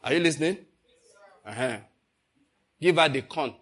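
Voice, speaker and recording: A man's voice: a little high, normal speed. An older man preaching a sermon, telling a story and calling out questions to the congregation. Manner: storytelling, animated, calls out to the congregation.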